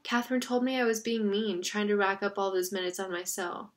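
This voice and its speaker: A woman's voice: medium pitch, a little fast, close to an everyday voice. A woman voicing a distraught teenage boy on the phone, voice cracking with worry in a storybook reading. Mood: anxious.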